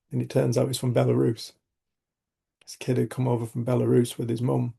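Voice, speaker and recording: With a husky, dark, medium-pitched voice edged with vocal fry, a middle-aged man leads a community group through reflective personal stories. His telling is frank and rambling, with restarted sentences and casual swearing.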